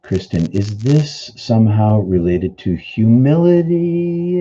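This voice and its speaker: A man from the Boston area speaks in an earnest, reflective way, teaching spiritual ideas on a live stream and pausing to answer viewers by name. His voice sits low, with a very mellow, husky tone. The sound is a little dull and lo-fi. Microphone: studio microphone.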